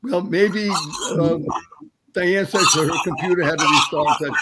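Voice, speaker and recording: A man's voice: high-pitched, moderate pace. A man hosting a live webinar panel over a video call, upbeat and rambling, with many fillers. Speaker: host. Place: home office in Nevada. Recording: noisy video call audio.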